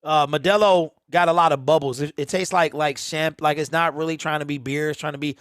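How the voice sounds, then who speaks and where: A man's voice: fairly high pitch, fairly even intonation, a little fast, a bit bright, no room sound, studio quality. Chatty man hosting a game watch party. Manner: laid-back, chatty, answers viewers' comments. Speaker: live-stream watch party host. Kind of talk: casual live commentary over a game.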